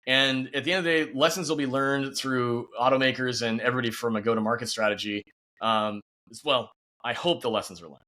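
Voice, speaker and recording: A man's voice: medium pitch, fairly even intonation, fairly quick, pushed and bright. A man speaking as a guest and company founder in a casual podcast interview, upbeat and peppered with "you know".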